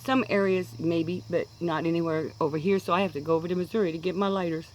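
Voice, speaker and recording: A woman's voice: fairly low pitch, fairly even intonation, fast, poor audio. Rambling older Kansas woman. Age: 60s. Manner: chatty, wanders off track. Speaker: pipe-smoking vlogger. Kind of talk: casual rambling monologue.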